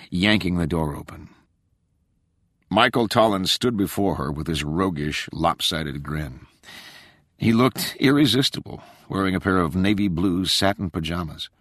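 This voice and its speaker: A man narrating an audiobook in a measured, expressive way. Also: low-pitched, breathy edge, no room sound, clean studio sound.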